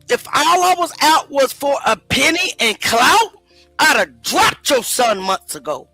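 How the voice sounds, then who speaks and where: Heated woman host, lively swooping voice. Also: high-pitched, unhurried, no room sound, faint music behind. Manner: emotional, confrontational ranting. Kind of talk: heated livestream commentary.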